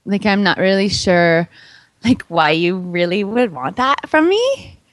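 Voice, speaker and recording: A woman's voice: mid-range voice, very animated, a little slow, no room sound. A woman putting on a California valley girl accent, drawling and full of fillers. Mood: airy. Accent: California valley girl put on.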